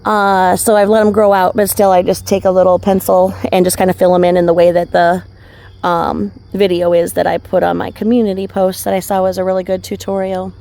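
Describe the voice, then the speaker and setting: A woman's voice: fairly low pitch, flat delivery, fairly quick, dark tone. A woman vlogging outdoors by a remote river, chatty and rambling with many fillers and asides, filmed on a handheld phone. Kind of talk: casual rambling vlog narration.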